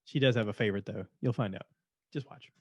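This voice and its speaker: A man's voice: fairly low pitch, quick pace, no room sound, clean studio sound. A man hosting his own show, rambling in a casual, opinionated monologue and repeating himself. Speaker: podcast host. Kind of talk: casual monologue reviewing shows.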